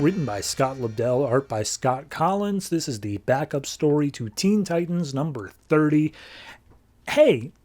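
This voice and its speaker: A man hosting a podcast, casually reviewing and recapping comics in a chatty, filler-heavy way, slipping into quick offhand character voices. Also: on the high side, darkish tone.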